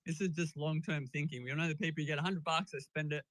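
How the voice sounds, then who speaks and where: A man with an Australian accent speaking as a guest on a live audio chat, measured with hesitant fillers and wry asides. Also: on the high side, fairly even intonation, fairly bright tone, no echo, rough recording. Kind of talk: casual opinion talk.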